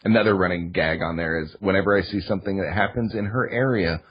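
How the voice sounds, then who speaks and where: A man's voice: low voice, quick pace, husky, dull audio. A man on a podcast chatting casually as a guest, rambling with many fillers. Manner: rambling, filler-heavy storytelling.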